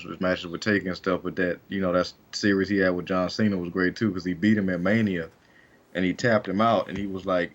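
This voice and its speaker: A deep, slightly bright male voice belongs to a wrestling podcast co-host. He chats casually and rambles, full of fillers and restarts.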